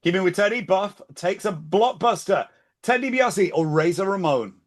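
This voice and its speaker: A man running a quick-fire quiz segment, playful and punchy. His voice sits high. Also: expressive. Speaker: segment host. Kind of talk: quiz game hosting.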